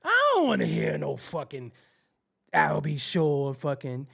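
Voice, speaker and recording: Male host, raw comic storyteller, gravelly, wide swings in pitch, acts out voices. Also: a little slow. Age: adult. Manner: animated, acts out voices, laughs often. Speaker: show host. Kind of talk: profane comedic storytelling.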